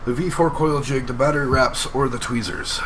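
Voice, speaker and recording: A man's voice: medium pitch, fairly even intonation, a little fast, noisy background. A man co-hosting a casual live stream, laid-back, giving short replies and reading out contest prizes. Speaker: co-host.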